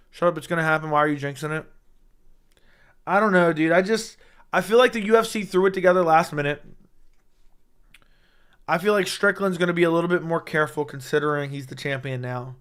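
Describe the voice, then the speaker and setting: A young man hosting a casual fight-talk livestream, excitable and rambling, swearing often, with a voice he says is going hoarse. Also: on the high side. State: losing his voice. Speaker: MMA livestream host. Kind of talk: casual livestream chat reading chat.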